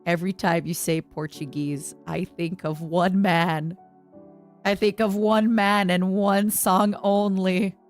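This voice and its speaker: A young woman from Canada chatting casually on a livestream, giggly and given to high squeals and snatches of song. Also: flat delivery, slow, faint music behind. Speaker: streamer.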